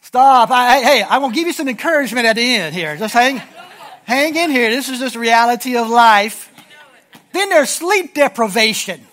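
A man's voice: extremely high pitch, lively intonation, normal speed, pushed and bright. A middle-aged man preaching a sermon in a conversational, humorous storytelling style to his congregation. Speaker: pastor.

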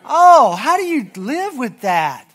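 A man's voice: very high voice, big pitch swings, slow pace, fairly bright tone, a faint crowd. A middle-aged man preaching a sermon in a conversational, humorous storytelling style to his congregation. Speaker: pastor.

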